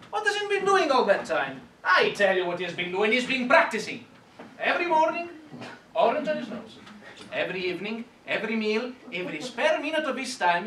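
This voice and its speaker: A man's voice: sits high, fairly bright tone, slight background noise. A man telling a long shaggy-dog joke in stand-up, building mock suspense. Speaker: stand-up comedy performer. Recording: echoey room, far from the mic.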